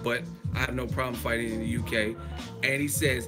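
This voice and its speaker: A man's voice: mid-range voice, flat delivery, brisk, music in the background. A man from the United States hosting a live stream, ranting emphatically with profanity and rhetorical questions. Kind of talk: casual live-stream commentary.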